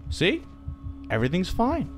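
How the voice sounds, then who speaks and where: A man's voice: high voice, wildly swooping pitch, a little slow, faint music behind. A young man playing a horror game and commentating, jittery, swearing often and talking to himself. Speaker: gaming streamer.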